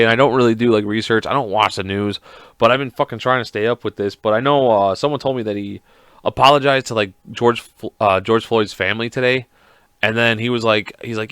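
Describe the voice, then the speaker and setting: A man hosting a podcast alone, ranting in a casual, profane, rambling and excitable way. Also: mid-range voice, fast, clean tone, no echo, studio quality. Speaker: podcast host.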